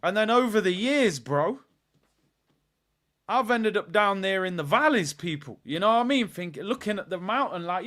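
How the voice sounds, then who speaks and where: A young man talks to his stream audience in a loose, rambling way. His voice sits high and swings widely in pitch, bright and forward in tone. He drifts between quiet asides and sudden excited shouts. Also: a little fast. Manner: animated, rambling, playful, bursts into high shouts. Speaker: football watchalong host. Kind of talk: casual live-stream chat.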